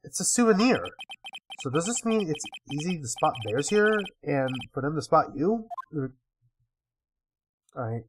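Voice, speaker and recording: A man's voice: fairly high pitch, sing-song, measured pace, long pauses, slight background noise. A man casually reading game dialogue aloud with wry asides while playing. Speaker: let's-player.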